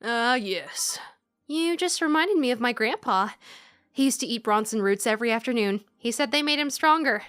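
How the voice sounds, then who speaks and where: A woman's voice: fairly high pitch, expressive, moderate pace, a bit bright, no echo, studio quality. A woman casually commenting on a game from her home desk, chatty and giggly. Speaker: let's play host. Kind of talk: casual let's play commentary. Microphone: headphones with desk mic.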